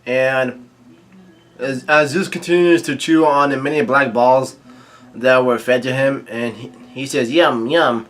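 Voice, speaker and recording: A man casually recapping a comic chapter, reading out the dialogue in a halting way full of fillers and restarts, with quick asides. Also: mid-range voice, fairly even intonation, fairly bright tone. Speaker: manga reaction host.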